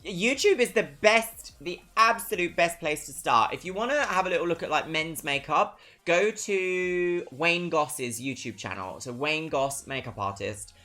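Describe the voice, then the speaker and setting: A livestreamer with a southern English accent chats casually with viewers, reading out their messages. The voice is bright and forward, perky on greetings and dry on asides. Soft music plays faintly in the background. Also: medium pitch. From Brighton, England. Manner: chatty and expressive, swinging between perky greetings and dry asides.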